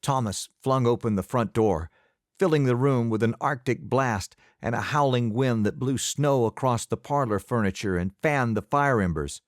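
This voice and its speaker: A man narrating an audiobook in the first person, measured and expressive. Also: mid-range voice, no echo, studio quality.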